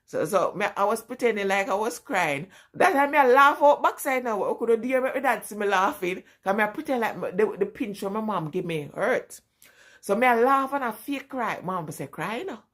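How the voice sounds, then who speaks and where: A middle-aged woman with a Jamaican lilt tells stories casually to her viewers. Her voice sits at a mid pitch, and she laughs easily and often as she talks. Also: normal speed. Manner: laughs often while telling family stories, animated. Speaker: vlogger. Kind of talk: casual storytelling.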